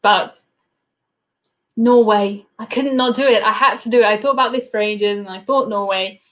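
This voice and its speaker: Sitting at her home desk, a young Southern English woman from the south coast runs a relaxed live stream answering cruise questions, chatting, reading out comments, and cooing at her dog. She talks at a moderate pace in a medium-pitched, fairly bright voice.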